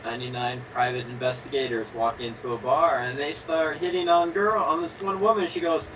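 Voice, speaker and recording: A man telling improv jokes in a lively way, lifting his voice for the quoted lines. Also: mid-range voice, a little fast. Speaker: improv performer. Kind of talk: casual joke telling. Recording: distant mic with clear background noise.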